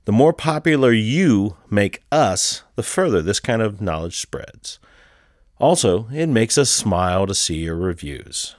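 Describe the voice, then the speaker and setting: A man's voice: fairly low pitch, animated, measured pace, no room sound, clean studio sound. A man, the show's editor, reads a playful, jokey scripted intro. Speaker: podcast editor.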